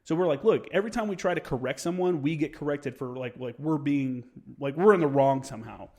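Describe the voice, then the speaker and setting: A man's voice: fairly high pitch, fairly quick. A young man telling a story in casual podcast chat, swearing freely and acting out the quotes of the people in it. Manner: profane, animated storyteller who acts out quotes. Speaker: podcast guest.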